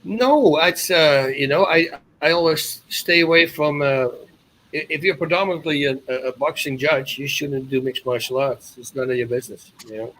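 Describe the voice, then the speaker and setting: A man in his fifties from the Netherlands with a Dutch accent, a podcast guest telling animated stories with loud exclamations. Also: on the high side, moderate pace, rough recording. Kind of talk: casual storytelling.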